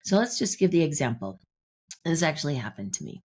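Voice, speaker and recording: A woman podcast guest explaining her ideas in a relaxed, explanatory way, telling anecdotes. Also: low-pitched, fairly quick, breathy edge. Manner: explanatory, tells anecdotes with acted-out dialogue. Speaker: guest, manifestation teacher. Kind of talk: podcast interview.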